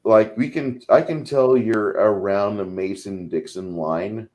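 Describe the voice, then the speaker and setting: Male co-host with a lowish voice, loose and rambling, casual chat delivery. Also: a little slow, darkish tone, rough recording. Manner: rambling, lots of "like".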